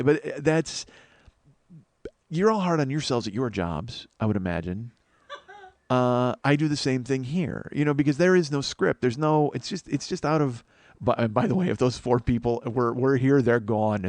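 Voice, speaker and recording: A man's voice: mid-range voice, normal speed, a little mellow. A sleep-deprived man hosting a comedy podcast, rambling in a self-deprecating monologue full of swearing and restarts. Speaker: podcast host.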